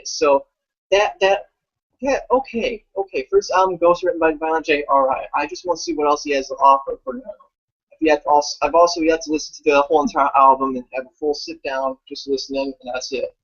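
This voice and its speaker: A man with a husky, slightly high voice talks in a loose, rambling chat, swearing freely and piling up fillers. His pitch swings widely as he gets worked up. The audio is dull and lo-fi. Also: brisk. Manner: animated, profane, rambling with fillers. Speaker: guest commentator. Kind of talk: casual chat.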